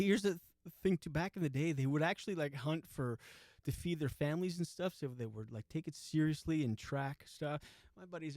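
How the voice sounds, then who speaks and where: A man's voice: mid-range voice, dark tone, no echo, studio quality. A man in his forties hosting a podcast, telling a story casually, swearing often and laughing through it. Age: 40s. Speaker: podcast host.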